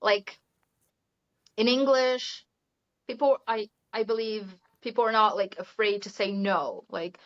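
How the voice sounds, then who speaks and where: A woman's voice: medium pitch, a little slow, fairly bright tone, highs cut off. A Brazilian woman, an English teacher, speaking English in a chatty interview and often adding "you know" and light laughs. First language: Portuguese. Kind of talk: casual interview chat.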